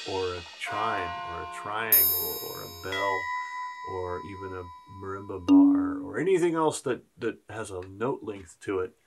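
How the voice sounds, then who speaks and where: A man teaching a beginner percussion lesson, counting beats aloud and joking with his students. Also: low-pitched. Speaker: school band teacher.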